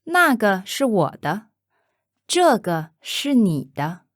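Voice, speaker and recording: Female pronunciation model, very slow and deliberate, lively tones, dry close mic. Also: medium pitch, no room sound. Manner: careful, deliberate enunciation, each phrase said twice. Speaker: native-speaker model for pronunciation. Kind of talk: slow repeated pronunciation examples.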